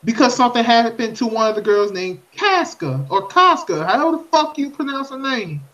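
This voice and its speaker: A man's voice: very high-pitched, quick pace, soft background music. A man co-hosting a casual podcast, talking emphatically with plenty of swearing. He keeps circling back to hammer the same point. The audio is dull and muffled. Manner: emphatic, profane, repeats his points. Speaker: podcast co-host.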